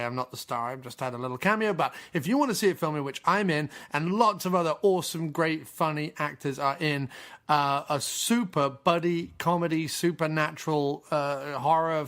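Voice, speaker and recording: A man's voice: fairly high pitch, a bit bright. A man co-hosting a casual podcast, rambling and playful with jokey asides. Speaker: podcast co-host. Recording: noisy background. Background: diner ambience.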